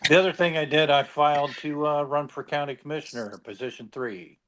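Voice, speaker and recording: A man's voice: fairly high pitch, steady tone, a little fast, fairly bright tone, slight background noise. A man guest on a live-stream chat, speaking hesitantly with many ums and uhs.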